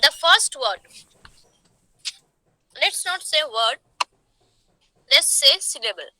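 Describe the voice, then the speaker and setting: A woman teaching poetic meter, explaining slowly and asking rhetorical questions. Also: high-pitched, expressive, sharp tone, no room sound, low-quality recording. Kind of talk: poetry meter lesson.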